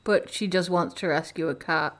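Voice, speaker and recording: A woman's voice: on the low side, steady tone, normal speed. A woman co-hosting a podcast, reacting and joking in casual chat. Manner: responsive, joking, frequent laughs. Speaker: podcast co-host.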